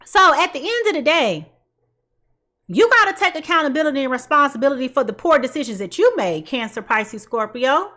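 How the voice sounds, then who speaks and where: A woman's voice: sits high, sing-song, a little fast, sharp tone. A woman giving a casual tarot reading in a blunt, sassy way and laughing at her own jokes. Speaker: tarot reader.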